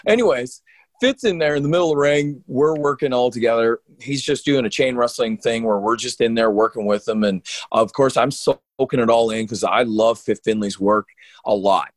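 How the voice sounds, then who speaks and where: A man, a pro wrestler and co-host, telling stories in an animated, rambling way with lots of restarts. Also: medium pitch, moderate pace, no room sound. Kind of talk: casual storytelling on a podcast.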